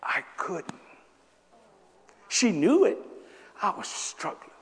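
A man in his seventies preaching a sermon, telling a personal story with lots of laughter and sudden loud bursts. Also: high-pitched, slow. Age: 70s. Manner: animated, laughing, bursts of shouting. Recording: echoey hall.

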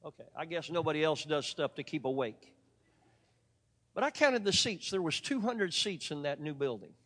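A man's voice: a little high, very animated, moderate pace, a bit bright. A man preaching a sermon, telling stories from the pulpit with a folksy, joking manner toward the congregation. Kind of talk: sermon with storytelling. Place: church sanctuary. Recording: long church reverb.

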